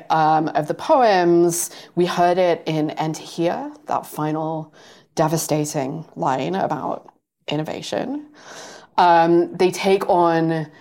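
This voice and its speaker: A woman with a notably low voice who interviews a poet about her book. She talks with enthusiasm, sprinkles in fillers and pokes fun at herself. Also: darkish tone. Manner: enthusiastic, self-deprecating, with fillers. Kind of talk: onstage book conversation.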